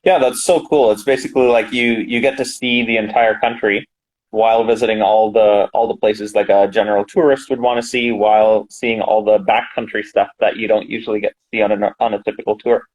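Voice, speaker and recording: A man's voice: on the low side, steady tone, a little fast, a little mellow, low-quality recording. A man hosting a podcast, chatting casually and upbeat with his guest. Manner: upbeat, brief affirmations. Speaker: podcast host. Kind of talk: casual interview chat.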